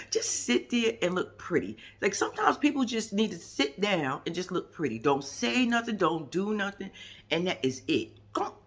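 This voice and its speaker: A woman talks through a reality episode in a casual vlog. She is sassy and profane, with a very lively pitch that leaps as she acts out what the cast said. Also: normal speed. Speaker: reality TV commentator.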